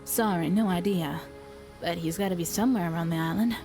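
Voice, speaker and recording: A woman voicing a brisk, modern-minded young female diver, reading game dialogue aloud with a light put-on accent. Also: lowish voice, over music, voice pushed down, close to an everyday voice. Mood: matter-of-fact.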